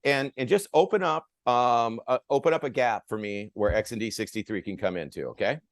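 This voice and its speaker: A man's voice: mid-range voice, a little fast, no echo, studio quality. A man leading a sales training, talking energetically to his group and checking in with them. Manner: energetic, addresses group with "guys" and "okay". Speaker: sales coach. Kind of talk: training talk with role-play.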